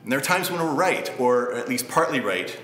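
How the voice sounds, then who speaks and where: A man preaching a sermon in a relaxed, conversational way with light humor. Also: mid-range voice, brisk, roomy sound, slight background noise. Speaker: pastor.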